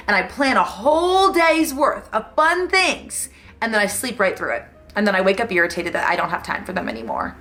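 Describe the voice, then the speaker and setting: Chatty woman vlogger venting. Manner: chatty, venting and self-deprecating; animated, with sudden jumps in pitch. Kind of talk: casual vlog chat.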